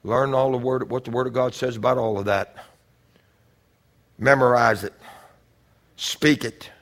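A man preaching a sermon, moving from calm scripture reading to loud, shouted exhortation, repeating phrases for emphasis. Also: mid-range voice. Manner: swings from quiet teaching to loud shouted exhortation.

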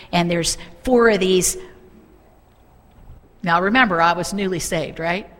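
A middle-aged woman preaching a sermon, telling a story with fervent, animated delivery. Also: fairly low pitch, in a large hall.

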